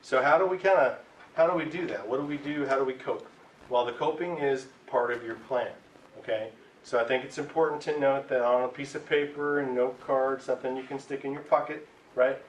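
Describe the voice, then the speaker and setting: A man's voice: mid-range voice, fairly quick. Man lecturing a class in an echoey room. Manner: conversational, keeps asking "right?". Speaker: tobacco cessation instructor. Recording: echoey room, mic far off, faint hiss.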